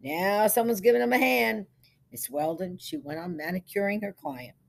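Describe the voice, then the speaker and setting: A woman reading a short story aloud as scripted narration, in a measured storytelling manner. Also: medium pitch, gravelly. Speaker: story reader.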